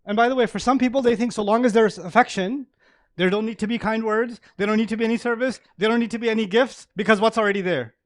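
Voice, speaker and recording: Male preacher, high voice, animated storytelling sermon with laughs. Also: quick pace, no room sound, clean studio sound. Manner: animated, acts out examples, laughs often. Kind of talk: sermon to a live audience.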